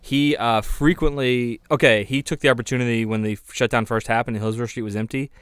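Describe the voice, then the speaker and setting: A man's voice: medium pitch, fairly even intonation, fast, a bit bright, smooth, no echo, clean studio sound. A man co-hosting a podcast in casual chat, telling a work story with lots of laughs and acted-out voices. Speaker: podcast co-host; record store worker.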